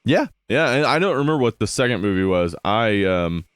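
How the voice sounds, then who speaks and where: A man's voice: fairly low pitch, sing-song, brisk, smooth, no echo, faint music behind. A man co-hosting a podcast in casual chat, laid-back and rambling, with lots of fillers and easy laughter. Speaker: podcast co-host.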